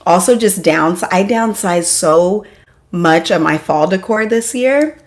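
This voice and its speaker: A woman hosting a casual live stream from home, chatty and excitable, joking at her own expense and greeting viewers by name. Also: fairly low pitch, measured pace. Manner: self-deprecating, apologetic asides. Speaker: homeschool mom vlogger hosting a live stream.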